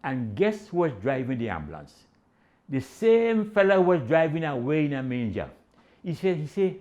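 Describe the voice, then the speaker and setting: An older man with a Trinidadian accent telling a comic story in dialect, animated and acting out the characters. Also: fairly high pitch, moderate pace, dull audio. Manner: animated Caribbean-dialect storytelling with voiced quotes.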